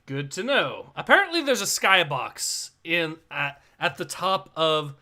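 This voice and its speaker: A man co-hosting a casual livestream, reading viewer comments aloud in a dry, flat way. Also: on the high side, a little slow. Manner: reads chat messages in a flat, dry tone. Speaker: co-host reading a comic on a livestream.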